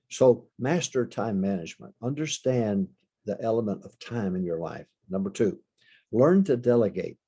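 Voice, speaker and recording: A man's voice: low voice, mellow, slightly rough. An older man, a pastor, giving a folksy leadership teaching talk and repeating his key points.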